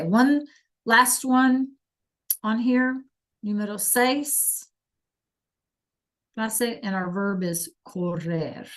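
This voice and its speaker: A woman leads an online language lesson over a video call. She takes her time, and her voice sits at an ordinary middle pitch. She is encouraging and praises her students one by one. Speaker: Spanish teacher. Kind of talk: online class teaching.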